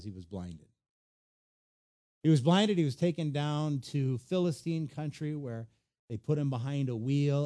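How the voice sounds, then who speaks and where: A man preaching a sermon, retelling a story with animated storytelling and acted-out voices. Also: medium pitch. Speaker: pastor.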